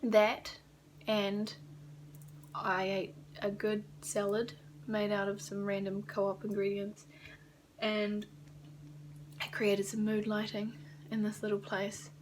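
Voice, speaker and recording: A young New Zealand woman talks straight to her camera in a loose, rambling vlog, tossing in the odd swear word. Her voice sits in a middle pitch. A faint hum hangs in the small apartment behind her. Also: completely flat delivery, slow pace. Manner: chatty, rambling, swears casually. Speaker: vlogger. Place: small rented apartment indoors.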